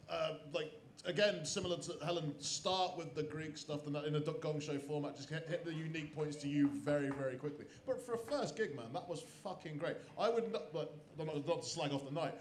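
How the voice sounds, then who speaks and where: A man's voice: a little high, a little fast, a little hiss or hum. A man hosting a comedy night and giving casual, encouraging, sweary feedback. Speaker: comedy night host and judge. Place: live comedy venue. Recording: echoey room with loud crowd and music.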